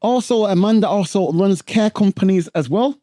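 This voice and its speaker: A man hosting a podcast, introducing his guest and asking questions in a relaxed way with fillers. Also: high voice, normal speed, no room sound, studio quality. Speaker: podcast host. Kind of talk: casual podcast interview.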